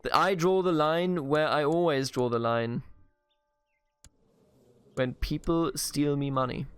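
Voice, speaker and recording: A man's voice: mid-range voice, clean tone. A man from Bavaria in Germany commentating a strategy game let's play, playful and mock-grandiose as he talks to the characters on screen. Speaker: gaming video host.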